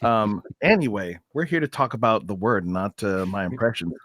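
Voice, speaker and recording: A man's voice: fairly low pitch, normal speed, a bit bright, no room sound, studio quality. A man chatting playfully on a Christian livestream panel, joking and often trailing off mid-thought. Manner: jokey, playful, trails off and restarts. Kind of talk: casual chat.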